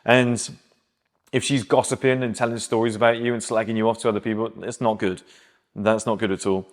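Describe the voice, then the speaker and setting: A man's voice: on the low side, level tone, brisk. Give me a man, talking frankly and emphatically about dating, like a casual advice monologue. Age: 30s. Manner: blunt, emphatic, conversational.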